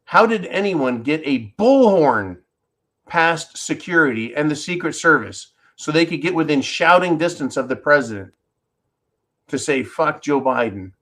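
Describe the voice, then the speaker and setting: A man's voice: fairly high pitch, expressive, normal speed, fairly bright tone. A man hosting a solo commentary show, talking in an indignant, emphatic way and repeating words when stirred up. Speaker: political commentary host.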